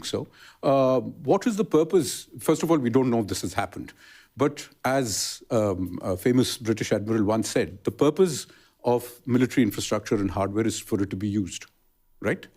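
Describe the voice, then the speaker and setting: A man speaking as an official in a television interview, measured and halting. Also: mid-range voice, animated, a little mellow. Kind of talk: formal TV interview answers.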